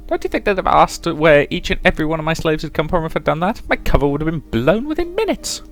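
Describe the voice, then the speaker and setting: Give me a man putting on a boastful heroine's voice for a game read-through, pitched well up and swinging wildly. She talks in a grand, theatrical way and sounds pleased with herself. Faint music sits underneath. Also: big pitch swings, fast. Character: brash bold young adventurer woman. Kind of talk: reading game dialogue aloud.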